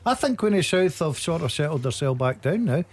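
A man's voice: a little high, very animated, a little fast, breathy edge. A man giving chatty, teasing football commentary in a radio studio. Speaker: football pundit.

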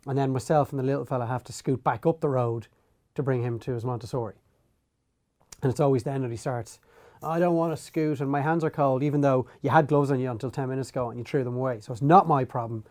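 A middle-aged man, a podcast co-host telling animated stories about parenting and mimicking himself shouting at his kids. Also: medium pitch, fast talker. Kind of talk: casual chat.

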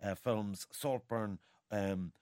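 A man hosting a radio talk show, brisk and teasing with quick interjections. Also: lowish voice, fairly even intonation, darkish tone, no echo, clean studio sound.

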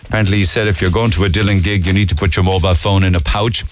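A man's voice: low-pitched, fairly even intonation, rapid-fire, noisy background. A middle-aged Irish man hosting a radio talk show, running through the day's stories in a chatty way with fillers and asides. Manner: chatty, with fillers and asides, voice leaping up when indignant. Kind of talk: casual talk radio monologue.

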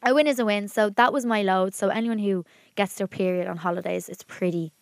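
Irish girl in her 20s, podcast cohost, gravelly voice, dry close mic, just chatting away. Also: medium pitch, brisk, no room sound. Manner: chatty, laughing, blunt storyteller. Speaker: podcast co-host. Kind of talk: casual chat.

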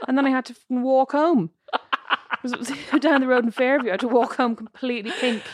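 A woman's voice: high voice, steady tone, quick pace, no echo, clean studio sound. A woman co-hosting a podcast in casual chat, laughing and poking fun at herself. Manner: chatty, laughing, self-mocking. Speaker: podcast co-host.

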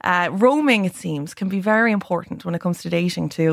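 A woman's voice: fairly low pitch, a little fast, creaky, dry recording, studio quality. An Irish woman reporter on a radio advice segment, chatting through phone prices and tips with frequent ums. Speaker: news reporter. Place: radio studio.

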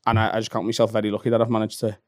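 A man's voice: on the low side, no room sound, clean studio sound. A man in his thirties with a Liverpool accent, a stand-up comedian chatting casually as a podcast guest and telling stories with lots of swearing. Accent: Liverpool (Scouse). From Liverpool, England. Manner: fast, sweary, animated storytelling. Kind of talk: casual chat.

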